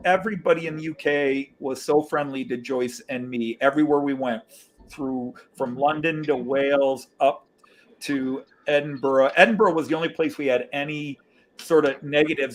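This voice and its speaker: An American man hosting a casual live chat, telling long rambling stories with lots of fillers and restarts. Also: on the high side. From United States. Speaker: livestream host.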